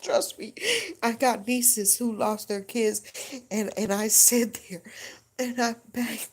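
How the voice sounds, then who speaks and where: A woman's voice: on the high side, steady tone, slow. A woman telling her own story as a mother, in raw, tearful, pleading testimony. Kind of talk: emotional personal testimony.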